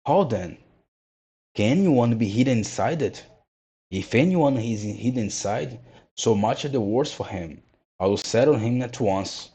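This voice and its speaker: A man's voice: mid-range voice, lively intonation, unhurried, mellow, husky. A man voicing an old carpenter who is frightened and blustering. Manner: nervous, blustering.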